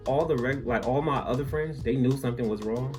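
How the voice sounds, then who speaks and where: A young man telling a comic story from his school days, full of "like" and quick asides. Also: medium pitch, faint music behind. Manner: animated, filler-heavy, lots of "like". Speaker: vlogger.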